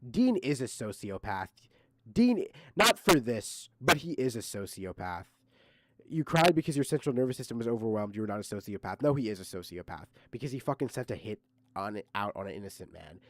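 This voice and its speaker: A man riffs through a livestream reaction, full of cursing and scorn. His pitch leaps around a lot, rising sharply when he mocks and dropping low when he mutters insults. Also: a little hiss or hum, rough recording. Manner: profane, mocking, heated rants. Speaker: streamer reacting to a clip. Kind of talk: casual reaction commentary.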